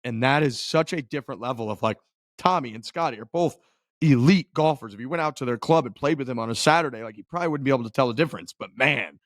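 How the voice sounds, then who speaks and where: A man's voice: mid-range voice, quick pace, no echo. A man on a podcast in casual chat, rambling along with lots of filler words. His voice sits in the middle range. It is recorded close and dry, with no room sound. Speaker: podcast co-host.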